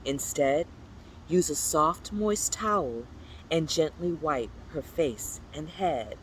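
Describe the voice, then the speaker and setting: A storyteller reads a children's picture book aloud with a playful, animated delivery. The pitch swoops up and down, and now and then jumps into high, squeaky exclamations. Faint noise hums in the background. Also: slow pace, poor audio.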